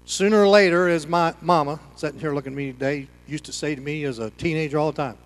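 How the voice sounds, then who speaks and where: Male pastor, high voice, dynamic preaching style, loud then hushed, long hall reverb. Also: fast talker, hardly any pauses. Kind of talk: sermon.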